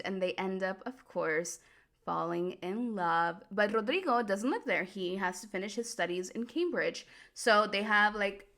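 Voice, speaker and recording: A woman chatting casually as a host, animated and quick to laugh, with lots of "like" sprinkled in. Her voice sits in a middle pitch with a noticeable gravelly fry at the ends of phrases. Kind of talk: casual chat recap.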